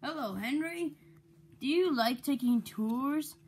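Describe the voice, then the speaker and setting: A woman's voice: sits high, slow, a little mellow, voice pushed up. A woman voicing a friendly male tour vehicle with a chirpy manner.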